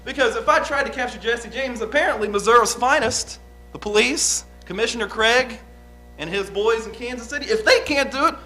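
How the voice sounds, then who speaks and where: A man's voice: very high-pitched, fairly quick, bright, forceful tone. A man playing a young, uneducated outlaw on the witness stand, talking in a folksy, rambling, hesitant way. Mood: heated. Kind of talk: improvised courtroom drama.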